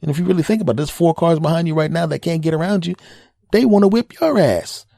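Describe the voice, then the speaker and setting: A man's voice: on the high side, quick pace, vocal fry, mellow, no echo, clean studio sound. A man hosting a podcast, telling stories in a casual comedic monologue and repeating phrases for emphasis. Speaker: podcast host.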